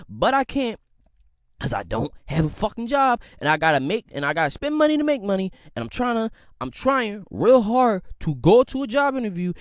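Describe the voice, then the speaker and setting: Profane animated young man ranting. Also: high-pitched, moderate pace, smooth, no echo, studio quality. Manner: profane, animated ranting with mocking quoted voices. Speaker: podcast host. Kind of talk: casual solo podcast rant. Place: home room at a computer.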